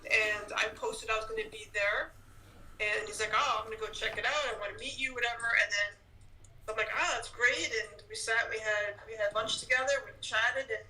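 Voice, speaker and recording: A man's voice: high voice, sharp tone, distant mic, rough recording. A man guesting on a podcast, telling stories in easygoing casual chat. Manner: chatty storyteller, frequent restarts.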